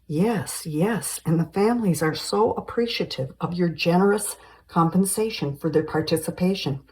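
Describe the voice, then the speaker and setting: A woman reading the lines of a polite, fatherly older male doctor in a screenplay, in her own husky voice. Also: fairly low pitch, moderate pace, darkish tone, low-quality recording. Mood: cordial.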